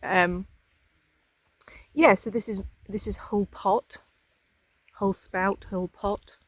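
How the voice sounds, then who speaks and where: A woman's voice: mid-range voice, steady tone, slow pace, no echo. A woman chatting casually for a travel vlog outdoors, with many hesitations and ums. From England. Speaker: vlogger. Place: outdoors in hills.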